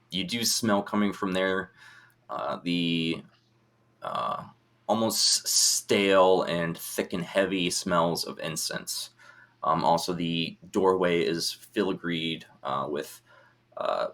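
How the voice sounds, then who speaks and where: A man's voice: deep voice, pushed and bright. A man narrating as game master of an online tabletop game, describing scenes with many fillers.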